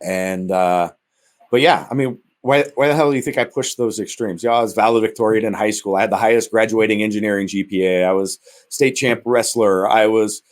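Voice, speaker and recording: A man's voice: on the low side, fairly quick. A man speaking as a guest in an interview. He talks in an emphatic, frank way. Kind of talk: conversational interview.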